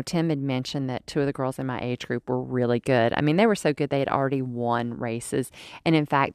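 A woman in her forties hosting a podcast, telling a personal story in a chatty, animated way with fillers and restarts. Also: very deep voice, clean tone, no room sound, studio quality. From United States. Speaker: podcast host. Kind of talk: casual storytelling monologue.

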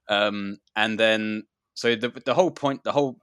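A man's voice: fairly low pitch, normal speed, a bit bright, smooth, dry recording, clean studio sound. A man who wrestles, telling a story in a rambling casual chat with many fillers and restarts.

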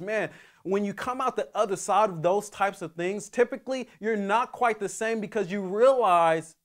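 A man preaching a sermon in a conversational way, with frequent restarts and fillers. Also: fairly high pitch. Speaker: pastor.

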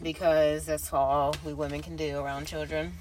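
A woman's voice: low-pitched, normal speed, slight background noise. A teenage girl co-hosting a casual podcast, telling stories with lots of swearing. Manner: animated storytelling, lots of swearing. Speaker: podcast co-host. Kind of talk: casual chat.

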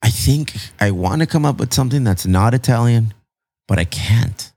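A man hosts a podcast, his pitch jumping around as he talks, playful and animated. The sound is close and dry, with no room echo. He drops Spanish phrases into casual chat. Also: moderate pace, husky. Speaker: podcast host.

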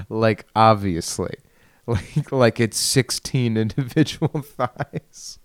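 Low-voiced man rambling on a solo podcast. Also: slow pace, long pauses, clean tone, dry recording, clean studio sound. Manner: self-deprecating, laughs often, trails off and restarts. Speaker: podcast host. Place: bedroom. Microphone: studio microphone at a computer.

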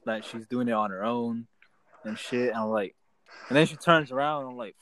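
A man's voice: mid-range voice, a little fast, fairly bright tone, a little hiss or hum, rough recording. A young man co-hosting a casual podcast, telling a long story with lots of swearing and restarts. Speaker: podcast co-host. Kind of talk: casual chat.

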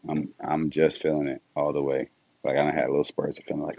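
A man's voice: rumbling low, level tone, fairly quick, a little mellow, lo-fi sound. A young man hosting a solo podcast, rambling casually with loads of slang and swearing. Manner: loose, rambling and upbeat, with lots of slang and swearing.

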